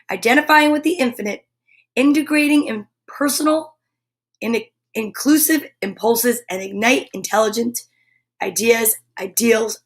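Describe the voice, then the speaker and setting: Pitched fairly high with a touch of brightness, this female show host keeps things light on a casual live stream. Between playful banter with viewers, she reads out a tongue-twisting sentence.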